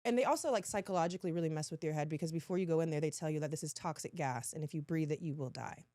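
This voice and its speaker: A woman guest in a casual chat, telling animated stories and laughing often. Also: low voice, rapid-fire, dry recording.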